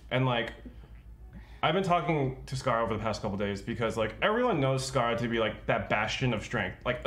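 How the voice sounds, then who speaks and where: A man talking earnestly on a livestream, rambling with lots of fillers. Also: medium pitch. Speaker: streamer. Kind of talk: casual stream chat.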